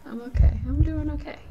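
A woman's voice: medium pitch, narrow, tinny audio, very noisy. A woman playing a horror video game, nervously talking to herself and to the creatures on screen. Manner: jumpy, nervous chatter, talks to the game. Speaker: gamer. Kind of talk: horror game let's play commentary.

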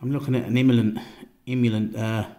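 A man casually reviewing a knife outdoors, relaxed and rambling, often repeating himself and trailing off into a quiet murmur. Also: medium pitch, fast. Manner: relaxed, repeats himself, stumbles over words. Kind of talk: casual product review vlog.

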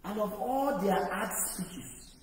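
A man's voice: high voice, takes it slowly, recorded from a distance, a little hiss or hum. Preaching man in an echoey hall. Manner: emphatic preaching, rising to loud exhortation. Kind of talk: sermon.

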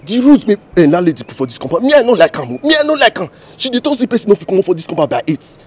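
A man's voice: sits high, sing-song, very fast, slightly rough, heavily acted. A man with a Nigerian accent playing a cocky young street star who protests indignantly in a comedy skit.

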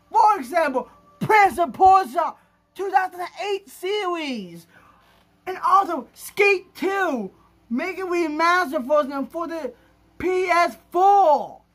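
A man's voice: very high voice, fairly bright tone. A gaming YouTuber, a man, talking in an overexcited, gushing vlog style, rambling and restarting his sentences. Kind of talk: excited gaming vlog talk.

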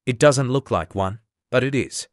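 Storybook girl, polite and a bit sharp, male narrator, dry close sound. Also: medium pitch, expressive, normal speed, no room sound, lightly acted. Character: curious, polite young girl Alice.

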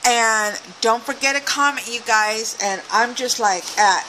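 A woman's voice: a little high, takes it slowly, background noise. A woman craft vlogger opening a swap package, gushing and exclaiming as she goes. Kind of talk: casual unboxing chat.

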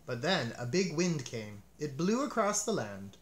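A man reading a children's storybook aloud as narrator, with a gentle, expressive manner. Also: on the high side, unhurried, a little hiss or hum. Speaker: storybook reader.

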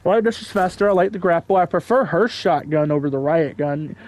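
A man with a fairly high voice chats loosely over his gameplay, hedging his guesses and padding his talk with fillers. He keeps it casual and unscripted. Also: a little fast, darkish tone. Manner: rambling, hedging, filler-heavy. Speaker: gameplay commentator. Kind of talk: casual game commentary.

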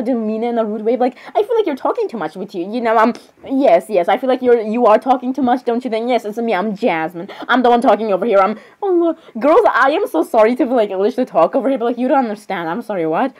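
Giggly high-voiced young woman role-playing. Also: darkish tone. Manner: giggly, flustered, many apologies and fillers. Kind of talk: comedic role-play reacting to clips.

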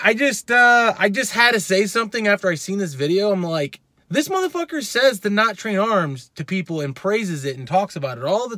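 A man's voice: high voice, pushed and bright, no echo, studio quality. A male fitness channel host ranting in a vlog, heated and profane, repeating his points.

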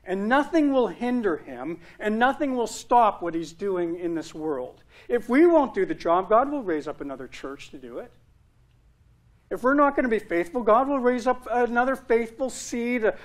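A male pastor preaching a sermon, earnest, with emphatic repetition and rising stress on key words. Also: very high-pitched.

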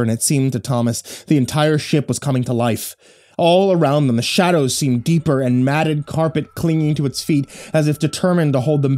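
Man, horror story narrator, measured dramatic delivery, slightly higher voice. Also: dark tone.

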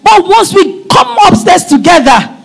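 A middle-aged woman pastor preaching a sermon at a church service, fervent and often breaking into shouts. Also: very high voice, very animated, measured pace, creaky.

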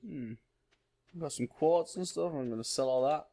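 A man's voice: fairly high pitch, moderate pace, gravelly, warm tone. A man hosting a gaming channel, giving casual let's-play commentary and thinking aloud with small exclamations.

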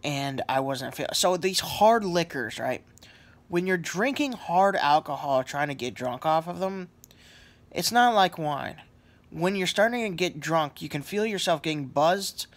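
A man's voice: on the high side, expressive, unhurried. A sleepy man lying on a couch at home, rambling in a casual vlog with lots of fillers and apologies. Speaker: vlogger.

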